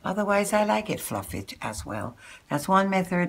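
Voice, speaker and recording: A woman's voice: mid-range voice, big pitch swings, moderate pace, slight background noise. A woman with a Jamaican accent, chatting casually to her viewers as she walks them through making a wig step by step. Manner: chatty, instructive, talks straight to the viewer. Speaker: hair vlogger.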